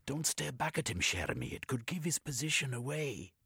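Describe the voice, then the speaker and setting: A man voicing a gentle, anxious young woman who speaks softly and with worry. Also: mid-range voice, very animated, a little fast, gravelly, breathy edge, no room sound, studio quality, voice pushed up, exaggerated voice. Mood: warning.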